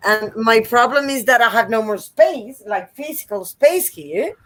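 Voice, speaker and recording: A woman's voice: on the high side, lively intonation, measured pace, a bit bright. A woman joining a reading livestream as a guest, chatting casually and hesitantly, often repeating words as she starts over.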